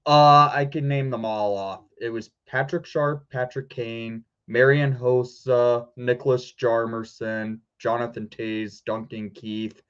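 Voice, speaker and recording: A man as guest on a casual sports chat, calm and brief in his replies. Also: medium pitch, takes it slowly, few pauses, smooth. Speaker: guest co-host. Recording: slightly dull lo-fi audio.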